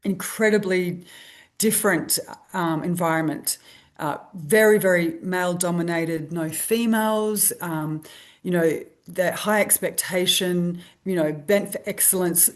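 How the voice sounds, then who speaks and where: An Australian woman being interviewed, telling a lively anecdote and acting out the voices of people she quotes. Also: lowish voice, unhurried. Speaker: guest, stress researcher. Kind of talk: storytelling interview.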